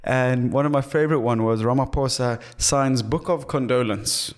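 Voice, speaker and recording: A man's voice: mid-range voice, normal speed. A South African man co-hosting a comedy podcast, chatting casually, joking, laughing often and slipping into silly voices. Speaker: podcast co-host.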